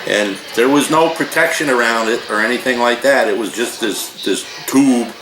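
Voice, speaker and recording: A man's voice: mid-range voice, normal speed. A man in his sixties casually reviewing frozen food at home, a folksy, rambling talker who wanders off into jokes and old stories. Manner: folksy, digressive, joking storyteller. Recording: roomy echo, faint noise.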